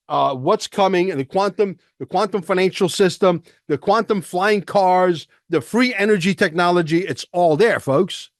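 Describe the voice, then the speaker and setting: A man's voice: high voice, no echo, clean studio sound. A man hosting a podcast, ranting emphatically with rhetorical questions and profanity as he comments on a clip. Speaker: podcast host.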